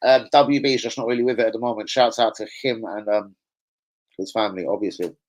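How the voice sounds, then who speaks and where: On a rough recording, a young football fan channel host talks at a quick pace in a lowish voice with fairly even intonation. His live-stream reaction chat is casual and rambling, packed with swearing and slang.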